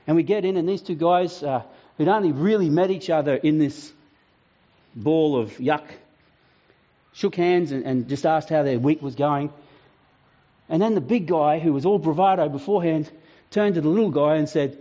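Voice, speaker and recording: A man preaches a sermon in a fairly high voice. He tells his stories with animation and often restarts his sentences. The recording sounds dull and lo-fi. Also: moderate pace, pauses often. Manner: animated storytelling, with frequent restarts. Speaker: pastor.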